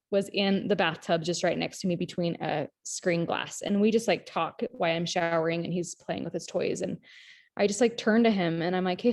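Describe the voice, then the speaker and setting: A woman giving a motivational pep talk to her sales team on a group video call, energetic and chatty, often turning to the listeners as "you guys". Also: lowish voice. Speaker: team leader in a direct-sales team.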